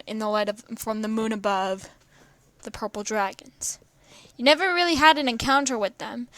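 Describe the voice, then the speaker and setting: A woman with a fairly bright, high-leaning voice reads a fan story aloud, with no echo in the sound. She stumbles often, tripping over words and correcting herself mid-word.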